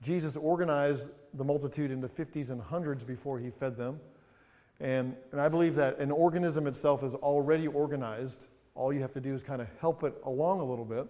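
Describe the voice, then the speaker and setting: Speaking fairly quickly in a warm, medium-pitched voice, a pastor reads scripture aloud with growing intensity during his sermon. The church sanctuary is reverberant, and he often breaks into lighthearted, conversational asides.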